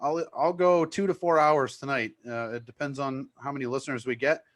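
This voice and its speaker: Male DJ, New England accent, eager rambling talker, casual chat. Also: mid-range voice. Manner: excited, fast and rambling. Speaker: DJ promoting his live mix show.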